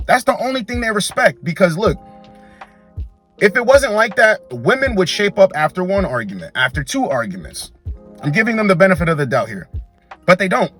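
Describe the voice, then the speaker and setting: A man's voice: fairly high pitch, a bit bright. A man giving dating advice in an emphatic, repetitive, slangy monologue.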